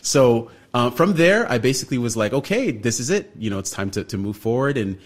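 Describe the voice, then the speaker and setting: A man from Canada, a guest on a radio show, telling a long story with lively energy and acting out the other people in it. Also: mid-range voice, a little fast. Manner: animated storyteller, acts out other people's lines.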